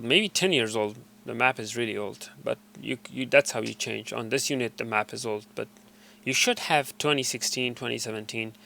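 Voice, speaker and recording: Gravelly, bright-voiced man demoing a gadget. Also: mid-range voice. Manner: loose, hesitant, full of uh and restarts. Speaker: tutorial presenter. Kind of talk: casual screen walkthrough.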